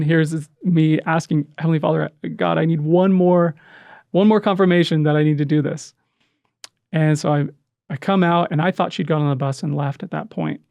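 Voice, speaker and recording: A middle-aged man talks through a heartfelt story, his voice a little higher than most men's and carrying a gravelly rasp. He stops and restarts often, searching for words in an earnest, halting way. The sound is dry and close, with no room echo. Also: a little mellow. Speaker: podcast guest, adoptive father. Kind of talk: emotional storytelling in conversation.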